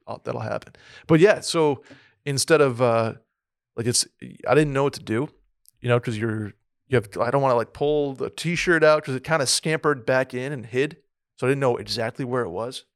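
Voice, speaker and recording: Rambling podcast co-host, dry sound. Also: male voice, medium pitch, dry recording. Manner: rambling, many restarts and fillers. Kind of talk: casual sports podcast chat. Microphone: studio mic with a soundboard.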